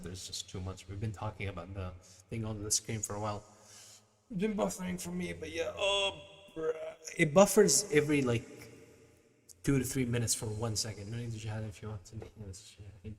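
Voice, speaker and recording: A man's voice: mid-range voice, in a large hall. A male livestream host chatting casually with his viewers in a laid-back, slangy way, reading their messages aloud.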